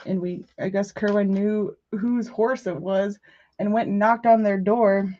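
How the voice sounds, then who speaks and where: A woman's voice: medium pitch, steady tone, a little slow, warm tone, lo-fi sound. Giggly woman chatting on a craft stream. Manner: chatty, giggly, jokey with viewers. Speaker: crafting livestream host. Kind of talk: casual livestream chat while crafting. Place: rural home.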